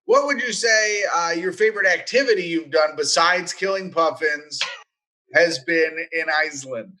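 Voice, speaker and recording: High bright-voiced podcast co-host. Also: male voice, normal speed, rough recording. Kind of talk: casual comedic podcast banter.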